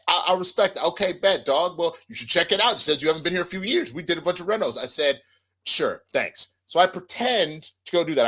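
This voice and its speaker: A man's voice: on the high side, fairly bright tone. A young adult man casually telling a funny story, acting out the other people's lines and swearing freely. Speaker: podcast co-host.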